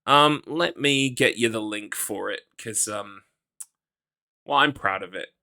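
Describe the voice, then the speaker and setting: A man's voice: on the low side, measured pace, creaky, bright, forceful tone. A man from the UK streaming a game, chatting casually and rambling, poking fun at himself and reading chat aloud. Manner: rambling, self-deprecating, reads chat aloud.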